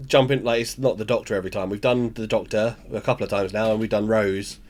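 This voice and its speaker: A man co-hosting a podcast, chatting casually with animated, jokey banter. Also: on the low side, quick pace. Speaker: podcast co-host. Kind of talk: casual chat.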